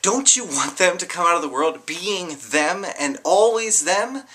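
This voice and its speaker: A young adult giving a raw personal testimony in an impassioned way. The delivery swings from quiet to heated, with swearing. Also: medium pitch, animated, measured pace. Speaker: vlogger sharing a personal story.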